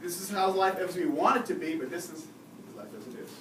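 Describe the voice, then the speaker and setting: A man giving a live seminar on behavior, lively and often asking the audience questions. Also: high voice, a little fast. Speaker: behavior and communication expert giving a talk. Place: lecture room at a faculty club. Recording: roomy, distant mic with audible noise.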